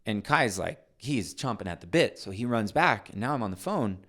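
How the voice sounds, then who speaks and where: Middle-aged guy w a really low voice, chatty guest spinning stories, acts out the voices, lots of restarts. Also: normal speed. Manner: animated, acts out voices in anecdotes; frequent restarts and trailing phrases. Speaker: podcast guest. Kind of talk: storytelling in conversation.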